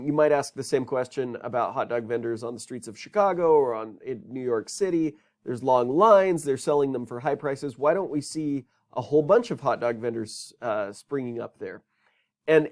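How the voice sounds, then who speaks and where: A man's voice: mid-range voice, expressive, normal speed, a little mellow. A man teaching a business course in a recorded lecture, talking conversationally and asking rhetorical questions.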